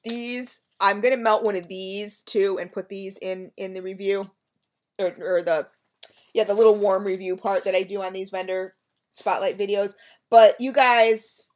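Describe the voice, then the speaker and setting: A woman talks through a casual product review vlog at an easy, middling pitch. She sounds chatty and effusive, speaks right to her viewers, and fills her pauses with ums as she sniffs and judges each scent. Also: flat delivery, darkish tone. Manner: chatty and gushing, addresses viewers as you guys, frequent ums. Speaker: wax melt reviewer.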